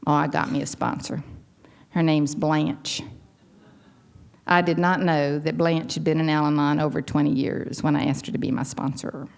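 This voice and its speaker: A woman's voice: sits low, level tone, moderate pace, gravelly. A middle-aged woman with a Texan accent telling a heartfelt personal story to a recovery meeting audience. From Texas. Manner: heartfelt, folksy, earnest.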